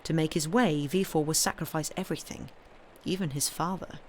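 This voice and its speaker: A woman's voice: deep voice, fairly quick, darkish tone, a little hiss or hum, close to an everyday voice. A woman reading as a wry, commanding old king. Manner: imperious, teasing.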